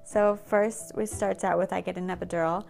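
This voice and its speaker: A young woman vlogger telling a personal story to camera, emotional and reflective, halting and restarting as she talks. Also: medium pitch, fairly even intonation, vocal fry. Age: young adult. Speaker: family vlogger. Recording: soft guitar music behind.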